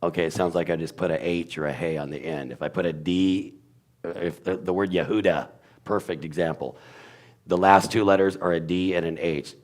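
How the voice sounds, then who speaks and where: Very deep-voiced man explaining Hebrew sounds. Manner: halting, searches for words with many ums, then animated when sounding out letters. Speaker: guest teacher. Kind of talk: explaining Hebrew letters in a conversation.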